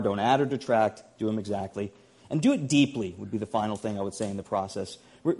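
A man's voice: mid-range voice, darkish tone. A pastor giving a sermon, earnest and emphatic, often repeating his key phrases.

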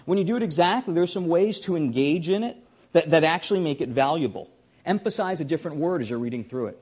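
A man's voice: on the high side, animated, fast, a little mellow, breathy edge. Guy preaching, earnest and punchy, keeps hammering the same points home. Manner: earnest, emphatic, repeats key phrases. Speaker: pastor. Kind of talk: sermon.

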